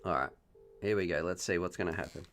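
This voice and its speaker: A man's voice: low voice, quick pace, fairly bright tone. A man hosting a casual live stream on a headset mic. He chats, jokes and reads viewer questions aloud. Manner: chatty, joking, reads chat messages aloud.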